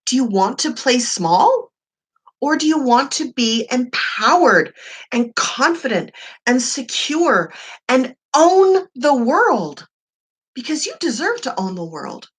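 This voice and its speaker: A woman life coach talking to camera in a slightly husky, fairly high voice. Her pitch rises and falls a lot as she makes her points. She speaks slowly and emphatically, repeating herself and asking the listener questions. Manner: emphatic, repetitive and encouraging, with rhetorical questions. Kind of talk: motivational talk to camera.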